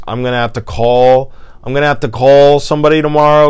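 A frustrated young man vents in a casual solo podcast, swearing often. His voice is smooth and clean, recorded dry with no room around it. He lurches from loud exasperation to low, defeated muttering. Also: completely flat delivery, moderate pace, no room sound. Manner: exasperated, profane, swinging between loud outbursts and low mutters. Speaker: podcast host. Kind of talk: casual ranting monologue.

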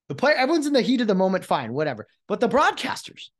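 A man's voice: high-pitched, sing-song, fast talker, hardly any pauses, a bit bright. A man in his late thirties, a podcast host and former umpire, ranting with exasperation in a solo monologue, often restarting his sentences. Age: late 30s.

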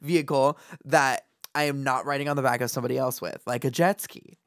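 A woman's voice: a bass voice, brisk, no room sound, studio quality. Woman telling a story on a podcast. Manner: animated storytelling, laughs often, swears. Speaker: podcast co-host. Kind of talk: casual chat.

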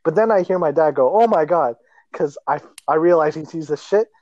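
Young man telling a lively story. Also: fairly high pitch, fairly quick, no room sound, highs cut off. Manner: animated storyteller, laughs often, acts out voices. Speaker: podcast co-host. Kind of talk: casual chat.

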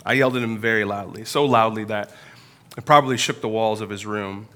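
A man in his thirties preaches a sermon from a church pulpit, his voice bright and forward. He tells personal stories in an earnest, confessional way, slowing and pausing as he goes. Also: fairly low pitch, steady tone. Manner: earnest, confessional storytelling with pauses. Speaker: pastor.

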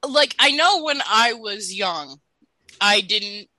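Bright dry-sounding lady in her 30s, slow and blunt, podcast chat. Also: medium pitch, expressive, no room sound, low-quality recording. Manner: emphatic, slow and blunt, swears when annoyed. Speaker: podcast co-host. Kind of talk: casual chat.

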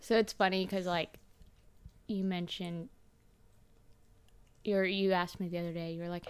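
A woman's voice: on the low side, little pitch movement, moderate pace, long pauses, smooth. A young woman hosting a casual podcast, telling laid-back stories with frequent giggles. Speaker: podcast host. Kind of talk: casual chat.

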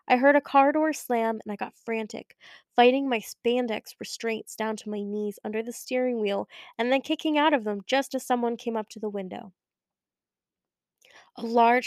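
A young woman reads a first-person story with wry, expressive timing. Her voice sits on the higher side, recorded close and dry in a studio with no room sound. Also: no echo. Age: young adult. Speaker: audiobook narrator. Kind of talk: first-person audiobook narration. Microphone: close studio mic.

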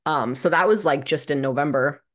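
A young adult woman telling a personal story as a podcast guest, animated and sardonic, swearing freely. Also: low voice, moderate pace. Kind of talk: candid conversational storytelling. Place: living in Minnesota.

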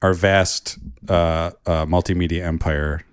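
A man's voice: sits low, steady tone, measured pace, smooth, no echo, studio quality. A man co-hosting a casual movie podcast, playful and fond of silly voices, with a Chicago accent. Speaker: podcast co-host. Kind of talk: casual chat.

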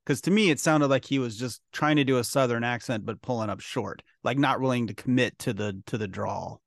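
A man's voice: medium pitch, brisk, creaky, dry recording, studio quality. A man co-hosting a podcast, joking and sounding incredulous as he talks about an old film. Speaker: podcast co-host. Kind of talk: casual film discussion.

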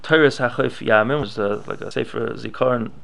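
Gravelly man teaching a Torah class. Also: medium pitch, fairly quick, a bit bright. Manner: reads Hebrew and Aramaic texts aloud, then explains them in English; thinks aloud with restarts and asides.

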